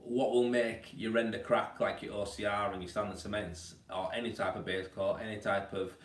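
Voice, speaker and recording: A chatty man answers trade questions on a casual live stream, speaking in a lowish, matey voice. He sits a little back from the mic, and the room adds a roomy echo. The delivery stays loose and blokey throughout. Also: distant mic. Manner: chatty, blokey, calls viewers mate. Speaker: plasterer hosting a live Q&A. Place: indoors at home.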